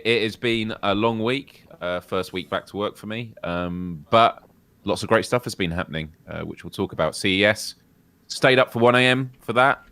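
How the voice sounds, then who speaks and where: Low-voiced British man, wry banter. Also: normal speed, fairly bright tone, smooth, dry recording. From United Kingdom. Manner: wry, chatty, dry humor. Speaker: podcast co-host. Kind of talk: casual live-stream banter.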